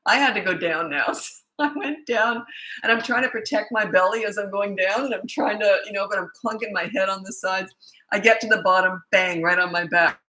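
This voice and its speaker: A woman's voice: medium pitch, brisk, pushed and bright, poor audio. A middle-aged woman, a parenting coach, answering viewer questions in a blunt, chatty way and telling stories with laughter. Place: Australia.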